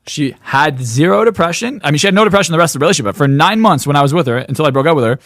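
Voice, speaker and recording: Fast-talking blunt man on a podcast. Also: a little high, animated, a bit bright, no echo, clean studio sound. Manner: blunt, emphatic, opinionated. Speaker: podcast guest, hypnotist. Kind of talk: podcast interview.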